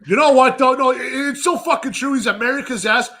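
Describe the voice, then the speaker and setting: A man in his thirties co-hosting a podcast, ranting loudly with constant swearing and mock outrage. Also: extremely high pitch, fairly quick, background noise. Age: 30s. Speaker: podcast co-host. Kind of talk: profane comedic rant.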